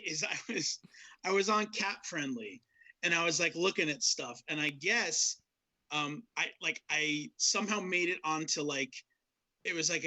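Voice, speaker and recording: A man co-hosting a hockey podcast, energetic and rambling, swearing casually. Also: a little high, low-quality recording. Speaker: podcast co-host.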